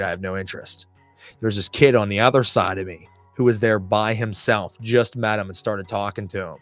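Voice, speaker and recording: A man's voice: fairly low pitch, no room sound. A man hosting a podcast, telling a story in casual, profane talk and acting out the people he quotes in raised voices. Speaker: podcast host.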